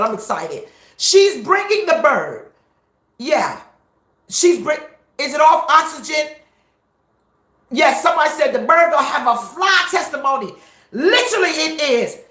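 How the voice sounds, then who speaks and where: A woman pastor live-streaming from her car, shouting high-energy greetings to her viewers. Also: roomy sound.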